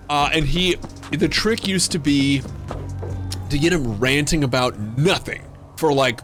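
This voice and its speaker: A man's voice: a little high, unhurried, fairly bright tone, soft background music. A man hosting a livestream, telling a story in a loose, casual way. He swears freely and fills his talk with fillers and restarts. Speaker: livestream gamer host.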